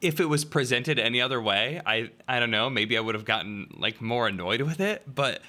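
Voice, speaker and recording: Bright-voiced man in a laid-back review chat. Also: mid-range voice, lively intonation, brisk. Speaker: podcast co-host. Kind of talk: casual movie review chat.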